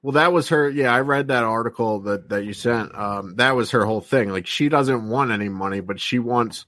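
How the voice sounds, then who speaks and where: A male podcast co-host who talks in a relaxed, halting way, often pausing on fillers. His voice sits at an ordinary pitch and sounds dry and close on the mic. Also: no room sound. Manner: laid-back, hesitant, many fillers. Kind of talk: casual podcast banter.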